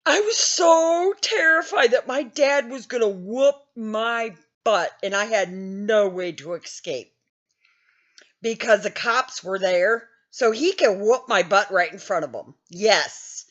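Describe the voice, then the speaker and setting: A woman's voice: medium pitch, fairly bright tone, dull audio. A woman in her fifties telling a story in a casual, blunt way, laughing often and swearing freely. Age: 50s. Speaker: gaming channel host.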